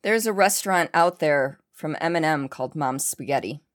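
A woman's voice: low voice, moderate pace. A woman co-hosting a podcast in casual chat, blunt and joking with frequent swearing. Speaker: podcast co-host.

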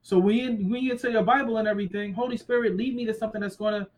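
A man in his thirties co-hosting a casual faith discussion, animated and acting out quoted voices. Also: high-pitched, racing, rough recording. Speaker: co-host.

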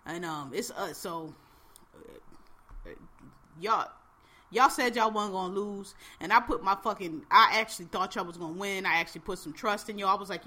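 Bright-voiced woman ranting profanely. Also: mid-range voice, normal speed. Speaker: podcast co-host. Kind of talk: casual chat.

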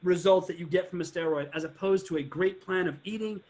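Talking fast in a high voice, an ex-car dealership owner shares stories in a casual podcast chat. He brings them to life by acting out customers, and he swears.

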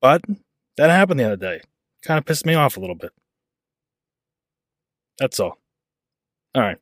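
A man's voice: mid-range voice, very animated, normal speed, dry recording, clean studio sound. A man hosting a podcast, telling a rambling everyday story in a casual, self-deprecating way. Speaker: podcast host. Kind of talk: casual monologue.

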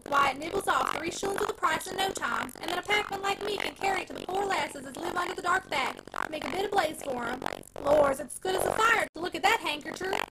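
A woman's voice: extremely high pitch, gravelly, voice pushed up, full character voice, low-quality recording. A woman reading aloud and voicing a sly, humble country packman in a coaxing rustic dialect. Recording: loud background noise.

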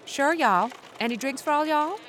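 A man's voice: extremely high pitch, expressive, moderate pace, a bit bright, slight background noise, pitched above the performer's own voice. A man voicing a young, chirpy female waitress with a Southern American drawl. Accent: Southern US (put on). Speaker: comic character in a podcast sketch.

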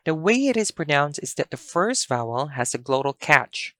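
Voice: mid-range voice, very animated, moderate pace, sharp tone, dry recording, clean studio sound. A language teacher giving a pronunciation lesson, carefully repeating each word twice.

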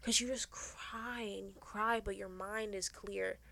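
A woman's voice: mid-range voice, steady tone, unhurried, vocal fry, fairly bright tone, slight background noise. A young woman hosting a podcast, giving frank, earnest advice in casual chat and swearing freely. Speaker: podcast host.

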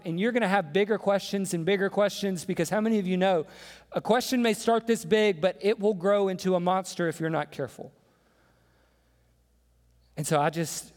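A man preaching a sermon as pastor, impassioned, asking the congregation rhetorical questions. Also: fairly high pitch. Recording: long hall reverb with faint music.

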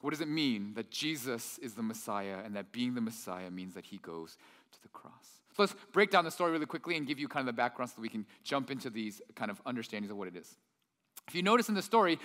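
A pastor preaching a sermon with lively storytelling, acting out the quoted lines himself. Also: male voice, a little high, in a large hall. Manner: animated storyteller, acts out quotes.

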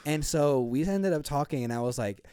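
A young man casually telling an animated, profane story in a chat, acting out the people he quotes. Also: fairly high pitch, moderate pace, clean tone, dry recording. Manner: animated, loose and profane, acts out quoted voices.

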